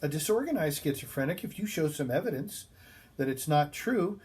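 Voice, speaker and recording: A man's voice: a little high, lively intonation, brisk, darkish tone. A man giving a classroom lecture, talking casually with many ums and restarts as he tells a story from his work.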